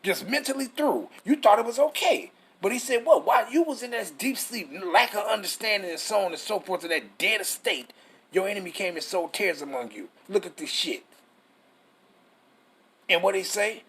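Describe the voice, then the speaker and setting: A man's voice: high voice, expressive, moderate pace, fairly bright tone, breathy edge. A man, teaching scripture in a fiery, profane style full of rhetorical questions. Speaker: preacher.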